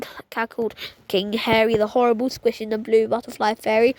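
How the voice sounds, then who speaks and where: Female storytime reader, high voice, lively, trips over a word here and there. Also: normal speed, no room sound, low-quality recording. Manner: lively reading with frequent stumbles and restarts. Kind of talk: children's book read-aloud.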